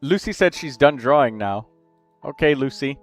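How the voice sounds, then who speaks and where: A man's voice: mid-range voice, expressive, soft background music. A man hosting a game livestream, chatting casually and rambling through build advice. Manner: chatty, rambling, quick asides to chat.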